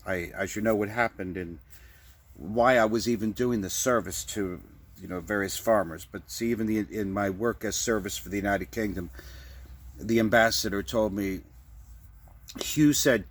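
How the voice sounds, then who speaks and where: A man's voice: on the low side, normal speed. A man delivering a rambling, improvised comic monologue, often stammering and repeating words. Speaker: vlogger.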